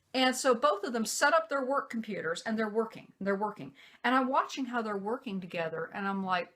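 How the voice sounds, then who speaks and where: A woman vlogger telling a personal story in a casual way, acting out what other people said. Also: mid-range voice. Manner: animated, acts out quoted voices.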